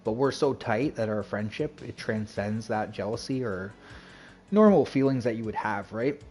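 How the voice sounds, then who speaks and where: A man's voice: on the low side, animated, normal speed, a little mellow, soft background music. A man chatting casually on his game stream, rambling and full of fillers and restarts. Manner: rambling, filler-heavy, self-interrupting.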